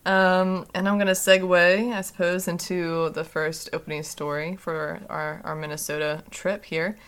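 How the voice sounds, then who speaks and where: A woman's voice: fairly low pitch, flat delivery, normal speed, clear, resonant tone. A young woman co-hosting a casual podcast, chatting with many fillers and frequent giggles. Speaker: podcast co-host.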